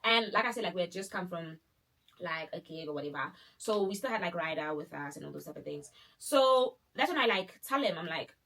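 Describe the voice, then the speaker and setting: A young woman, telling a dramatic personal story in a casual, animated way full of fillers. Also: on the low side, brisk. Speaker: vlogger.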